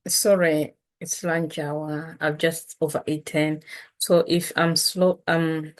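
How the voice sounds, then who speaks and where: Middle-aged woman, low voice, laid-back chatty teacher. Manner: relaxed, chatty, slow after lunch. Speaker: language teacher. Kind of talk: casual language lesson.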